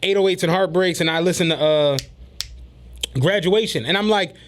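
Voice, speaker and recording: A man's voice: high voice, normal speed, a little hiss or hum. A man hosting a casual podcast, animatedly retelling stories and quoting others. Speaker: podcast host.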